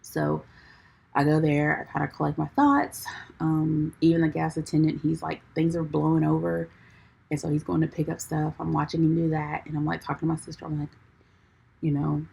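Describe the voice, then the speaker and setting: A woman's voice: sits low, steady tone, normal speed, gravelly, darkish tone, husky, rough recording. A young adult woman hosting a podcast, telling a story in a chatty way, full of "like" and calling listeners "y'all", laughing as she goes. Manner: laughs through her own story. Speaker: podcast host. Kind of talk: casual storytelling chat.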